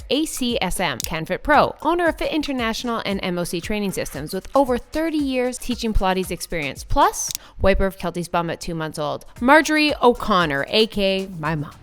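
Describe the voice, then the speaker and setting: A young woman talks through her fitness routine in a breezy, chatty vlog voice at a middling pitch. She keeps it casual and loose, dropping plenty of "like" fillers, over faint background music. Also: sing-song, a little fast, hardly any pauses. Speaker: fitness vlogger. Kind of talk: casual workout vlog narration.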